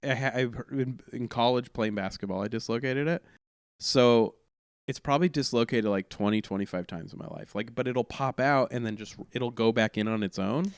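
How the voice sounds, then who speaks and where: A man's voice: mid-range voice, moderate pace, clean tone, dry recording, clean studio sound. A man, a comedian guest on a podcast, telling a long anecdote in a casual, rambling way, often correcting himself and laughing mid-story.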